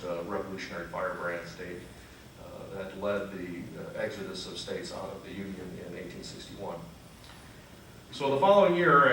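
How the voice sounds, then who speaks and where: A man with a low voice gives an unscripted history talk to a room of listeners, often stopping on "uh" and fixing his own slips. He is miked from a distance, so his voice rings around a very echoey hall with faint ambient noise. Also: a bit bright. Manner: unscripted, frequent "uh" fillers and self-corrections; asks the audience questions. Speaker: lecturer at a freethought congregation. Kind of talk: conversational history lecture. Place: meeting hall with an audience.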